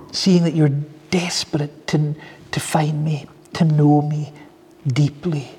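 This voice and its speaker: A man preaching a sermon, telling stories in an earnest, heartfelt way with soft asides. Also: on the high side, level tone, slow, husky, in a large hall. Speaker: pastor.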